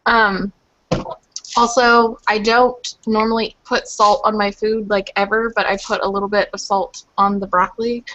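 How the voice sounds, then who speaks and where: A woman's voice: mid-range voice, flat delivery, normal speed, a bit bright. Woman, group call guest, chatty and rambling, muffled webcam sound. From Louisville, Kentucky. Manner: chatty, rambling with many fillers. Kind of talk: casual chat.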